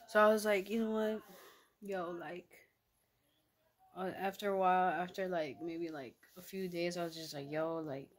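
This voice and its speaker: A young woman vlogger telling a story in casual, slangy talk full of fillers. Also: low-pitched. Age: young adult.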